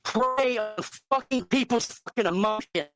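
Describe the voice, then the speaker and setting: A man's voice: extremely high pitch, moderate pace, fairly bright tone, no echo. A man hosting a live talk show, ranting angrily with constant swearing. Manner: angry, profane ranting. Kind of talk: heated live chat.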